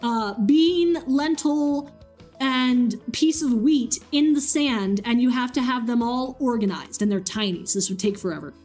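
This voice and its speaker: A haughty, jealous goddess, voiced by a woman, lofty and smug. She taunts in a raised, high voice, stretching her words slowly. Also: darkish tone, faint music behind. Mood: imperious. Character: haughty jealous goddess, cruel mother-in-law.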